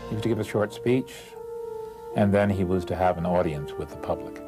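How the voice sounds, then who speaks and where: A man narrating a history documentary in a measured, deliberate way. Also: low voice. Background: music.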